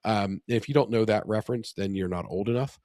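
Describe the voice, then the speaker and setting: A man's voice: on the low side, fairly quick, a little mellow, no room sound, clean studio sound. A middle-aged man co-hosting a podcast in casual chat, rambling with many fillers and restarts. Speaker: podcast co-host.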